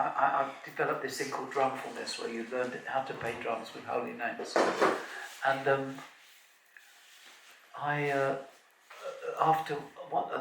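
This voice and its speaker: A man giving an informal, rambling devotional talk at a festival opening, with anecdotes and halting restarts. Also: mid-range voice, creaky. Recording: roomy, distant mic, background noise.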